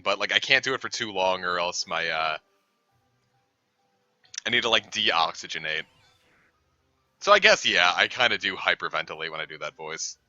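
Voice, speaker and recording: A young man chats casually on a game live stream, rambling with plenty of fillers. His deep voice is bright and forceful. The dull, lo-fi home mic is dry, with no room sound.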